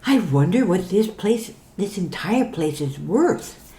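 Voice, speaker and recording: A woman's voice: medium pitch, expressive, takes it slowly, warm tone. A woman voicing a starstruck adult woman fan who stammers and squeals. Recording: roomy echo.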